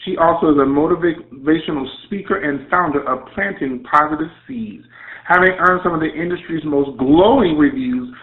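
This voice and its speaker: Effusive Southern man hosting radio. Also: a little high. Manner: effusive, playful hype with Southern slang. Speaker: radio show host. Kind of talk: online radio interview introduction. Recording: tinny phone-line audio.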